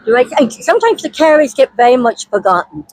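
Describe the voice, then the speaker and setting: Woman, Northern Irish accent, host, breathy, fairly high voice, dry sound. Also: big pitch swings, fast talker, darkish tone, dry recording, poor audio. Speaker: interviewer host. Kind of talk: political interview.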